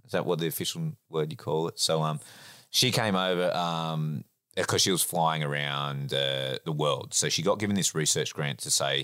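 Very deep-voiced, laid-back Australian man. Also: steady tone, moderate pace, bright, forceful tone, no echo, clean studio sound. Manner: laid-back, rambling, swears and laughs often. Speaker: podcast guest, racing driver. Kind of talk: casual storytelling chat.

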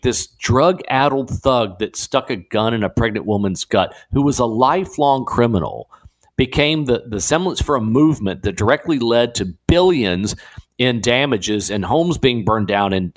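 A man hosting a talk radio show, giving a digressive opinion monologue with frequent restarts. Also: mid-range voice. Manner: animated, digressive, many restarts. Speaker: guest radio host. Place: radio studio.

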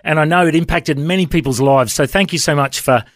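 Australian man in his forties, dry and clear. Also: on the high side, a little fast, dry recording. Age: 40s. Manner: friendly, affirming, with many "mate"s. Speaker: radio host. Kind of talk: casual radio chat.

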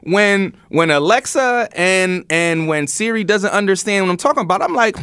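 A male podcast host talks through the day's headlines in a loose, chatty way, laughing easily and restarting his sentences. His voice sits a little high, and the sound is dry and close. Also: expressive, moderate pace, bright, forceful tone, clear, resonant tone, no room sound. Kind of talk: casual news chat.

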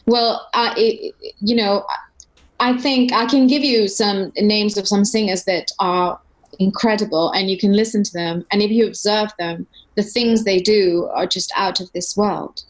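A woman's voice: measured pace, rough recording. A middle-aged woman, a voice coach and opera singer, talking in an interview and demonstrating how to colour the voice. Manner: animated, demonstrates vocal colour by shifting pitch. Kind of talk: conversational interview.

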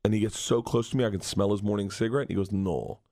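A comedian man telling a wild story in a radio studio, loud and laughing, acting out the voices of the people in it. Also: lowish voice, steady tone, racing. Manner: loud, laughing, acts out voices in his stories. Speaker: comedian guest. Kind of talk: animated storytelling.

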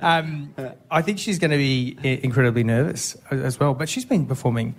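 A man's voice: mid-range voice, fairly quick. An Australian man talking as a radio guest, laughing and self-deprecating. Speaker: guest, former contestant. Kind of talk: casual chat.

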